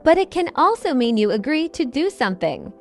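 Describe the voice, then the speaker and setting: A woman with a high, bright-sounding voice that swoops up and down a lot. She co-hosts a scripted English lesson, cheerfully explaining slang with examples. Soft music plays underneath. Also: big pitch swings, a little fast. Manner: upbeat, explains phrases with examples. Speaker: co-host and English teacher.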